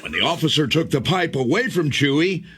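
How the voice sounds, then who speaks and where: A man reporting a local news story in a measured newsreader delivery. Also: fairly high pitch, animated. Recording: news clip with background noise.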